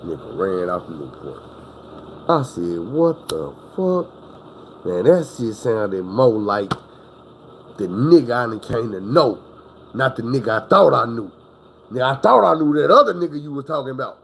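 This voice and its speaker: A man's voice: mid-range voice, very animated, unhurried, gravelly, slight background noise, low-quality recording. A man telling a story in a casual, rambling, profane way, acting out the people he quotes.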